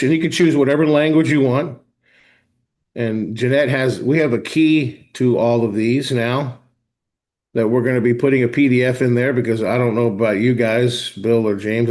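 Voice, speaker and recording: A man hosting a live online class, talking viewers through software step by step in a casual, chatty way. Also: medium pitch. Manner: casual, talks to viewers directly, thinks aloud while clicking. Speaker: host of a software training session. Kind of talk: live screen-share walkthrough.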